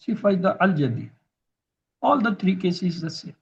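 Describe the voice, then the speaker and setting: A man's voice: high voice, animated, moderate pace, vocal fry, darkish tone, breathy edge, muffled recording. A man teaching grammar in a recorded lesson, patiently repeating each term so students can drill it.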